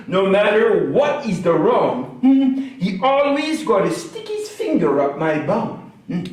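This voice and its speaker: A man playing a fretful, rambling old Acadian man, mixing English and French with excitable exclamations. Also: high-pitched, heavy reverb, recorded from a distance, voice pushed up, poor audio. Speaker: comedian. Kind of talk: comic monologue.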